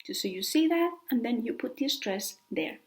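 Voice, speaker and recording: A woman's voice: fairly high pitch, animated, normal speed, rough recording. A woman teaching a beginner language lesson, carefully repeating example words to show how they sound. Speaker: Spanish teacher.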